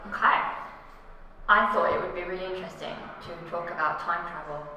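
A woman's voice: fairly low pitch, a little fast, a crowd in the background. A woman in a casual group chat, gushing with enthusiasm. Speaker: podcast guest. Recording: echoey room, mic from far off.

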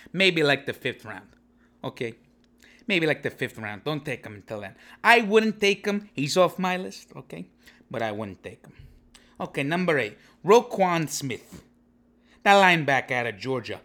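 Young male vlogger, brash comic rambler, bright edgy tone, keeps asking "okay?". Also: mid-range voice. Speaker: comedic fantasy football vlogger. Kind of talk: rambling comedic commentary to camera.

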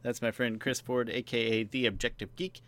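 A man's voice: medium pitch, steady tone, normal speed, fairly bright tone. A man hosting a casual podcast chat, rambling and joking with his co-host. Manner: rambling, joking, self-deprecating asides.

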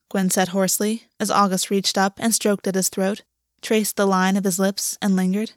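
A woman narrates a romance novel with steady, intimate storytelling. Her voice sits at a middle pitch, and the recording is close and dry with no room sound. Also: moderate pace, dry recording.

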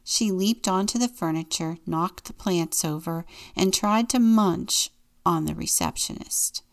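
Woman reading a kids book slow and gentle, gravelly edge. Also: on the low side. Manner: gentle, unhurried storytelling. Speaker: deacon reading a children's book. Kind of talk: storybook read-aloud.

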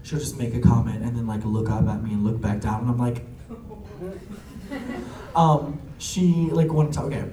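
A young man telling family stories in casual chat, animated and laughing often, with lots of fillers. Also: mid-range voice, normal speed, long pauses, slight background noise. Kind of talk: casual storytelling. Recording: echoey room, a bit far from the mic.

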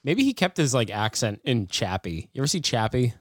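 A man co-hosting a podcast in casual chat, laid-back and quick to laugh. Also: mid-range voice, sing-song, slightly rough, no echo, studio quality. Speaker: podcast co-host.

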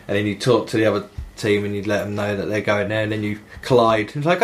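A young man hosting a casual gaming podcast, telling stories in an animated way, swearing and laughing often. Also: lowish voice, quick pace, few pauses. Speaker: podcast host. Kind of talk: casual podcast chat about video games.

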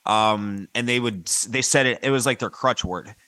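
A man speaks in a middle register with a bright, forceful tone, telling blunt stories full of swearing. He co-hosts a relaxed podcast chat. The sound is dry and close. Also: fairly low pitch, moderate pace, no room sound. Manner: blunt, profane anecdotes. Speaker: podcast co-host. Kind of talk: casual chat.

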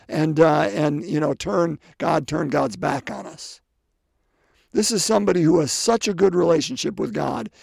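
A man preaching a sermon in an animated way, with many restarts and asides, swinging from loud pleading to quiet, hushed passages. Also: high-pitched, creaky, no room sound, studio quality.

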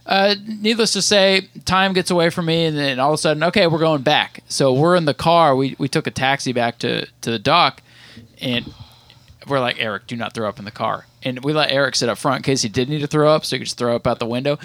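A man's voice: on the high side, fairly quick, a bit bright, no room sound. A man in his thirties, a podcast co-host telling a long rambling story in casual chat, with many restarts.

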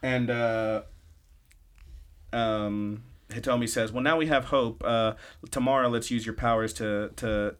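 A man of middle pitch co-hosts a podcast. He recaps the episode in a loose, chatty way and drops quick snippets of the characters' lines as he goes. He sounds relaxed and conversational. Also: clean tone. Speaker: podcast co-host.

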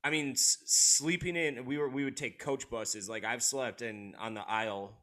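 A man's voice: mid-range voice, steady tone, moderate pace, pushed and bright. A man who played college baseball, chatting candidly and a bit ramblingly, with some swearing. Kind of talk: casual chat.

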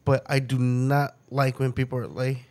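A man co-hosting a podcast in casual chat, profane and laughing often, breaking into quick mocking impressions. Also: mid-range voice, monotone, darkish tone. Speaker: podcast co-host.

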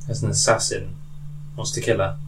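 A man's voice: lowish voice, level tone, normal speed. Joking man on a podcast. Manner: joking, playful. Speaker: podcast co-host and quiz player. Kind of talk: casual podcast banter. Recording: distant mic with clear background noise.

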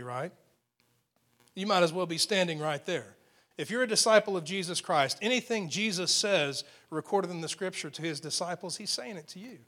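A man's voice: high voice, fairly bright tone. A middle-aged man preaching a sermon, building intensity and asking rhetorical questions. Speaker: pastor.

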